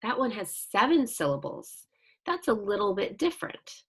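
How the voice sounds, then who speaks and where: A woman teaching young children in a recorded online lesson, speaking slowly, patiently and encouragingly as she reads sentences aloud with care. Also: mid-range voice, very animated, noisy background. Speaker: second grade teacher.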